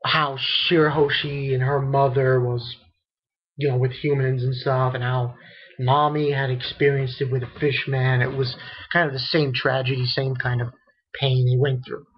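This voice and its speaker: Husky-voiced man rambling through a recap. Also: mid-range voice, flat delivery. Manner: rambling, repeats fillers like "you know"; acts out characters' lines in quick bursts. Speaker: anime reviewer. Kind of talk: casual episode recap. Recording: dull lo-fi home recording.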